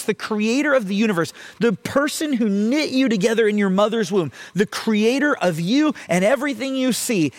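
A man preaching a sermon as pastor, reading scripture passages aloud and explaining them with emphatic pauses. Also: high-pitched.

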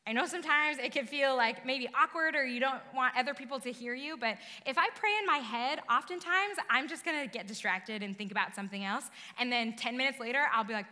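A young woman giving an earnest, animated youth sermon, talking directly with her audience. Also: high voice, a little fast, few pauses. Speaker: youth ministry speaker. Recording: long reverb of a large hall.

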